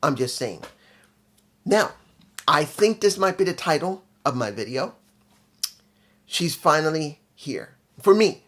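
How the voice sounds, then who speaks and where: A channel host reviewing a show speaks in a slightly high, somewhat bright voice. His casual take is blunt and emphatic, laced with dry sarcasm, and he keeps repeating his points.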